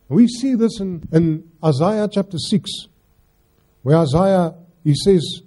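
South African preacher with a dark, husky voice. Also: male voice, high voice, animated, measured pace. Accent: South African English, Afrikaans-inflected. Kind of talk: sermon.

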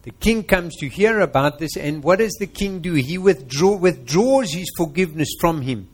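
A man's voice: on the high side, lively intonation, normal speed, husky. A man with a South African accent preaching a sermon, quizzing his congregation and retelling a parable.

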